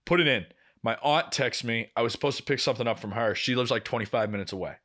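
Young man, podcast co-host, bright forceful voice, casual swearing chat. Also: mid-range voice, quick pace. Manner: swears often, animated storytelling.

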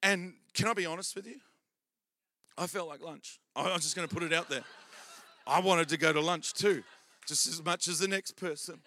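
Bright-voiced male pastor preaching. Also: a little high, normal speed. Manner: storytelling, humorous asides, builds to loud exhortation. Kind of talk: sermon.

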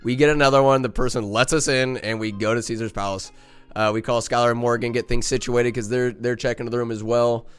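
A man's voice: mid-range voice, fairly even intonation, fairly quick, smooth, faint music behind. A young man hosting a podcast, telling a rambling, profane, self-mocking story in casual monologue. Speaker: podcast host.

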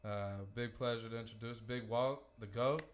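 A man's voice: medium pitch, steady tone, normal speed, noisy background. A man hosting a casual podcast, loose and joking, swearing freely as he introduces his guests. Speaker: podcast host.

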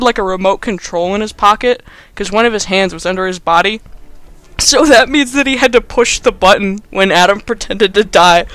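A man hosts a casual podcast and recaps a film in a rambling, animated way, full of fillers. His voice is high and bright, and it sounds smooth and clear. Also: no echo. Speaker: podcast host.

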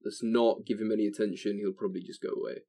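A man's voice: fairly low pitch, little pitch movement, quick pace, dark tone. A young man telling a long story in casual chat, swearing often and rambling with restarts into a desk microphone. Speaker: podcast co-host telling a story.

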